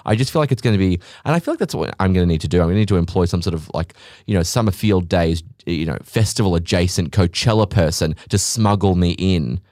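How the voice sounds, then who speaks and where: Low-voiced sarcastic man ranting. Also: fast, dry recording, clean studio sound. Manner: sarcastic, ranting, swears freely; animated, mimics others in high voices. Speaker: podcast host, business owner. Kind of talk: casual podcast monologue.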